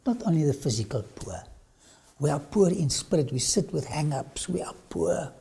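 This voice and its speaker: A man's voice: fairly high pitch, big pitch swings, vocal fry, mellow. A man preaching a dramatic sermon-style lecture, often dropping suddenly to a whisper. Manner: slow dramatic delivery with sudden drops to a whisper.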